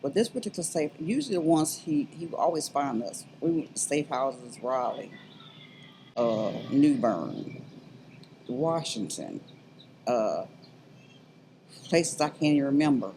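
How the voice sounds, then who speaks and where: A middle-aged woman gives a personal testimony in an interview. She speaks earnestly and haltingly, with many restarts, then builds to fervent urging. A faint hiss sits beneath her voice. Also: extremely low pitch, expressive, dark tone, low-quality recording. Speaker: interview guest, abuse survivor.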